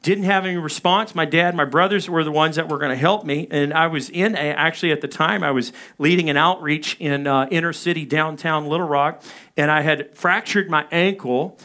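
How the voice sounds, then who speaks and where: A man in his thirties preaching a sermon, telling a personal story with animated delivery and acting out his own panicked calls. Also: a little high, a little fast. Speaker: pastor.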